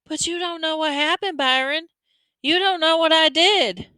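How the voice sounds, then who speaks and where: A woman reader voicing a young boy who speaks in a halting, stammering, ashamed way. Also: very high voice, pushed and bright, no room sound, pitched above the performer's own voice. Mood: pleading.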